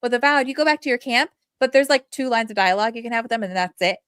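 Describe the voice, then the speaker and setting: A woman co-hosting a podcast in casual chat, animated and rambling with many fillers. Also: a little high, quick pace, clear, resonant tone, no room sound, clean studio sound. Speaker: podcast co-host.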